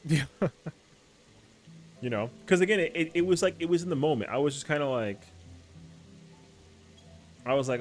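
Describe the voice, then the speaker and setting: A man game streamer in casual stream chat, slangy and animated, saying yo and bro a lot. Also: mid-range voice, fast talker, long pauses, soft background music.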